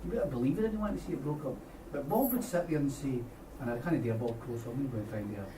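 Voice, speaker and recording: A man's voice: medium pitch, very fast. A Scottish man, a trade unionist, speaking at a debate in a blunt, colloquial, storytelling way. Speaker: trade unionist audience member. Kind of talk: impassioned debate contribution. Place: meeting room at a union debate. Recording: echoey hall, distant mic, noisy.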